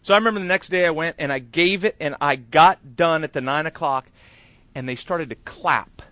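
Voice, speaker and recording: Bright-voiced man telling a candid sermon story. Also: on the high side, normal speed, no room sound. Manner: candid, self-deprecating storyteller; chatty with many fillers and asides. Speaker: pastor.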